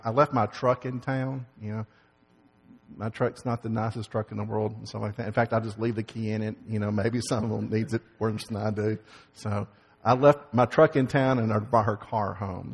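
A man's voice: on the low side, creaky, husky. A man leading a congregation as pastor, giving folksy church announcements and opening remarks. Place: church sanctuary. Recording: long hall reverb.

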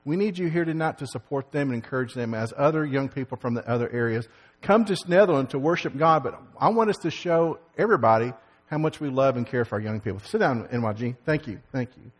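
A man's voice: medium pitch, animated, fast, breathy edge. A man leading a congregation as pastor, giving folksy church announcements and opening remarks. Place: church sanctuary. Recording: long hall reverb.

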